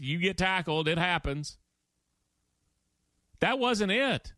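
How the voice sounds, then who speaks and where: Studio-quality, dry audio captures a high-pitched man hosting a sports radio show. His opinionated monologue is animated and emphatic, with stories in which he acts out quotes.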